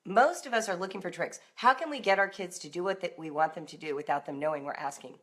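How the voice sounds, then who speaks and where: A middle-aged woman hosting a live-streamed talk for parents, animated and now and then acting out emotional outbursts in a raised voice. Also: fairly low pitch, fast talker. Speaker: homeschooling author and host.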